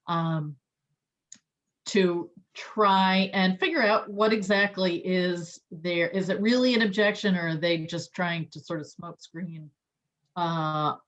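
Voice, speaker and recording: A woman trainer explaining sales skills in a chatty, loose way with many fillers and restarts. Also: on the low side. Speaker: real estate trainer. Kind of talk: online training talk. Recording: dull lo-fi audio.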